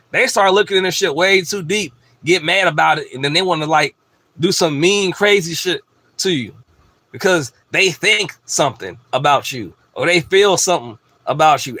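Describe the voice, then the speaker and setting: Profane ranting man, fairly high voice. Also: bright, forceful tone, dry recording. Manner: profane, blunt and emphatic. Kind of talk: ranting monologue.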